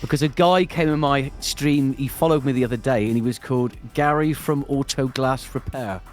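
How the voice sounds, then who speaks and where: A man's voice: mid-range voice, faint music behind. A man teasing and joking with his co-host on a livestream. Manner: playful, teasing, quick to laugh. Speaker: streamer co-host. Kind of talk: casual banter on a livestream.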